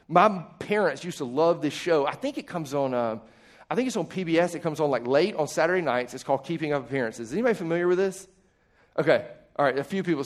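A pastor with a slightly high voice delivers a relaxed, chatty sermon to a live congregation. He jokes at his own expense, uses plenty of fillers, and keeps turning to ask his listeners questions. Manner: casual and self-deprecating, filler-heavy, asks the listeners questions.

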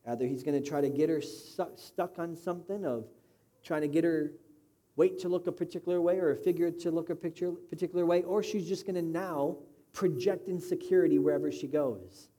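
A pastor delivers his sermon in a conversational, direct manner, often turning to the congregation with questions. His man's voice sits a little high yet sounds soft and mellow. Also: steady tone, a little fast.

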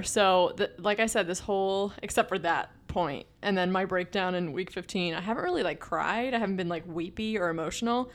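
Young woman, podcast co-host, low voice, rambling chatty delivery. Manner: chatty, lots of fillers and restarts. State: pregnant. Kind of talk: casual chat.

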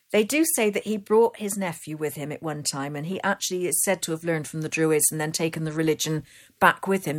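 A woman with a Bristol accent tells local legends in a quick, chatty rush. She is a poet speaking as an interview guest and laughs easily. Her voice sits at an ordinary pitch. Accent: Bristol English. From Bristol, England. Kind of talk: casual storytelling chat.

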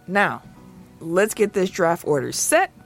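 A woman's voice: on the low side, takes it slowly, faint music behind. A woman hosting a casual comedic talk show, sassy and emphatic, repeating herself for effect. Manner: animated, sassy, emphatic repetition. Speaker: podcast host.

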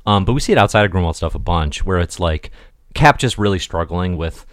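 A man's voice: deep voice, lively intonation, fairly quick, dry recording, clean studio sound. A man co-hosting a podcast, thinking aloud in easygoing casual chat. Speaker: podcast co-host.

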